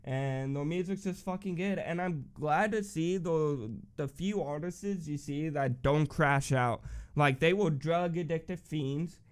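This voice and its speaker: Profane, rambling young man with a smooth voice. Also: on the high side, unhurried. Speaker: vlogger. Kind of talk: casual storytelling.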